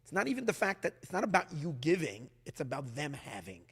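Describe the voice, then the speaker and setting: Rabbi guy teaching torah, voice up high-ish and all over the place, long echo of a hall. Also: fairly quick, husky. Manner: animated, voices the body and Earth speaking, swings from hushed to loud. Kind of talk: Torah class.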